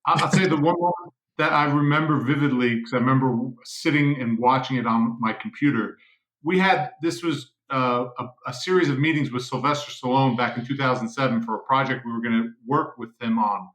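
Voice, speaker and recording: Earnest bright-voiced man in echoey room. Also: mid-range voice. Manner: storytelling, earnest, halting restarts. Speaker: series co-creator. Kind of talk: casual interview chat.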